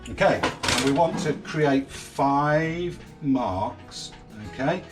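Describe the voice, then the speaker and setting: A man's voice: mid-range voice, animated, very slow, over loud music. A man, a vlog host patiently walking his son through a hands-on boat repair, one step at a time. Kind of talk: hands-on DIY explanation. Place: outdoors at a boatyard in light rain.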